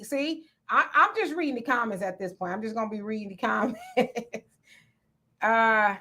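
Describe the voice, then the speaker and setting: A woman hosts a casual livestream, reading viewer comments aloud, greeting people by name, and laughing a lot. Her voice is fairly high-pitched with a sharp tone.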